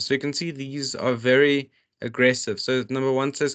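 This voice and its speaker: A man's voice: medium pitch, fairly even intonation, normal speed, hardly any pauses, fairly bright tone. A man tutoring, reading out workbook questions and explaining each one, with many restarts and fillers. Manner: reads questions aloud then explains them. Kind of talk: walking students through a workbook.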